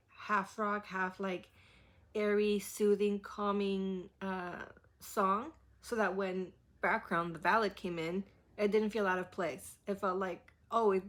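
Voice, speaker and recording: A woman's voice: mid-range voice, fairly bright tone. A woman hosting a music reaction video, talking casually and emotionally with lots of "like" and restarts. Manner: gushing, emotional, many fillers and restarts; heavy use of "like".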